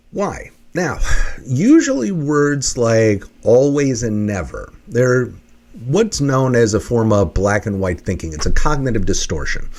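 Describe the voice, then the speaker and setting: Animated man teaching to camera. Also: mid-range voice. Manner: animated teaching, acts out examples in put-on voices. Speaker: leadership and workplace coach. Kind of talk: lecture-style explanation to camera.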